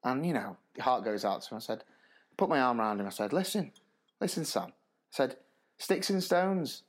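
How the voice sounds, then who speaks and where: Animated male teacher telling stories. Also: mid-range voice, normal speed. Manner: animated, laughs through stories. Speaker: podcast co-host, primary school teacher. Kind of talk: casual storytelling chat.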